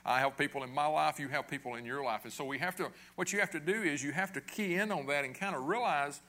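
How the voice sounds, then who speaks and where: Bright-voiced man preaching conversationally. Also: fairly high pitch, fast. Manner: conversational preaching with rhetorical questions and frequent "okay?". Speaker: pastor. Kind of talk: sermon.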